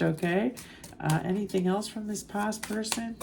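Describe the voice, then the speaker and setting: A woman giving a channeled tarot reading, talking in a slow, musing way with soft fillers. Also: mid-range voice, creaky, noisy background. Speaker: tarot reader.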